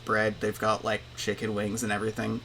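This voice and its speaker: A young man narrating a tabletop role-playing game as game master, in a relaxed, chatty way. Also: lowish voice, fairly quick, creaky, slight background noise.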